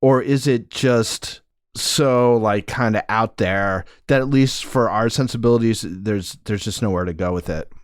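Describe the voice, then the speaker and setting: Male podcast co-host, mid-pitched, musing and reflective, dry close mic. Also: measured pace, no echo. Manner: thoughtful, rambling, many "like"s. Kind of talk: casual review chat.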